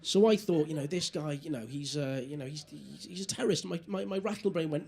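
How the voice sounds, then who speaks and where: A male comedian performing live stand-up with a high, gravelly voice. He tells his story animatedly, acting out his own inner voices and chatting with people in the crowd. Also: fast, hardly any pauses. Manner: animated, acts out inner voices, audience asides. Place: live comedy venue before an audience.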